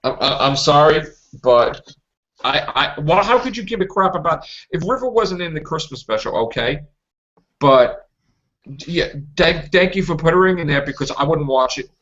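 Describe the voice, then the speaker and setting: A man's voice: on the high side, animated, normal speed, a bit bright. A man hosting a fan podcast, ranting with indignation and repeating himself as he complains. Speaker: podcast host. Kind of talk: heated fan podcast discussion. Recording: lo-fi podcast audio.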